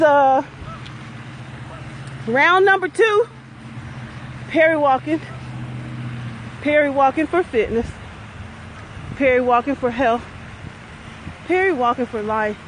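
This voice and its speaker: On a live-streamed walk along a pond path, a middle-aged woman who coaches investing and vlogs talks in a high, fairly bright voice, cheerful and chatty though out of breath, cheering herself on. The recording is rough, with slight background noise.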